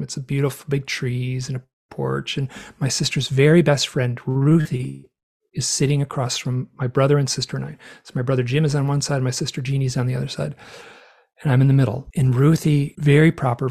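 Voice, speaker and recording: A middle-aged man with a gravelly, husky voice, guesting on an interview. He tells personal stories earnestly and brings quoted people to life as he goes. His pitch sits in an ordinary middle range. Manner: earnest, animated storyteller who acts out quotes. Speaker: author and guest. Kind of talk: storytelling interview talk.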